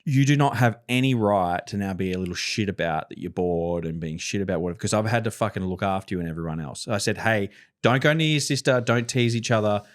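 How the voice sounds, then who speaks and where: A man tells stories on a podcast with a fairly low voice. He talks in a casual, animated way, swears often and acts out the lines of the people in his story. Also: fast talker. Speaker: podcast co-host. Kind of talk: casual chat.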